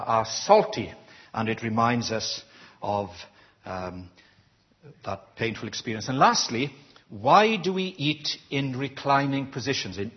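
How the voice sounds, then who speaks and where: Slow, deliberate preacher. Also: male voice, mid-range voice, lo-fi sound. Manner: quizzes the congregation with questions, slow and deliberate. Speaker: preacher leading a church service. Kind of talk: interactive sermon.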